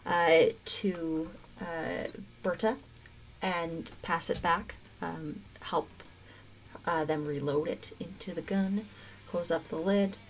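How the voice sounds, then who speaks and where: A woman narrating as game master of a tabletop role-playing game, halting often with filler words. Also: lowish voice, slight background noise.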